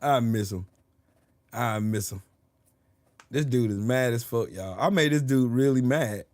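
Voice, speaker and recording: A man's voice: mid-range voice, measured pace, a little mellow, no room sound, clean studio sound. A man hosting a casual livestream, joking crudely and swearing often. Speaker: livestream host. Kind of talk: casual live-stream chat.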